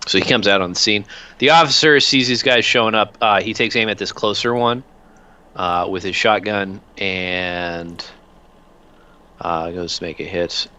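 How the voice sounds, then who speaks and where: A man narrating a tabletop game as game master, relaxed and full of filler sounds. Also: on the low side, measured pace.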